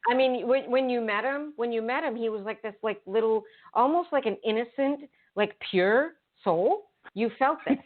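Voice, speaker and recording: A woman's voice: a little high, moderate pace, hardly any pauses. A woman working as a spirit translator on a call-in show, talking bluntly, swearing freely and calling people sweet names. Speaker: spirit translator relaying a deceased son. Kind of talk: call-in radio channeling chat. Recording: phone-like narrow band.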